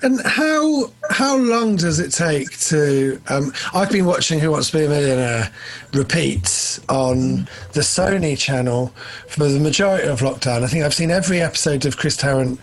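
A man's voice: on the high side, animated, moderate pace, rough recording. A man interviewing a guest in a casual chat, asking long rambling questions. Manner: rambling, many fillers and restarts.

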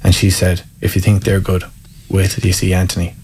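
A deep, husky, darkish voice belongs to a man in his thirties from Ireland, who speaks with an Irish accent. His delivery is completely flat and a little fast. As an interview guest, he tells honest, self-mocking stories and laughs through them.

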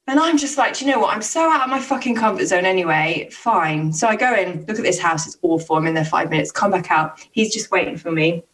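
A woman's voice: on the low side, fast talker, hardly any pauses, recorded from a distance, low-quality recording. Chatty woman, slightly off-mic. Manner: animated, acts out quotes, frequent fillers and restarts. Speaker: podcast co-host telling stories. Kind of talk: casual storytelling chat. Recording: voice a little off-mic.

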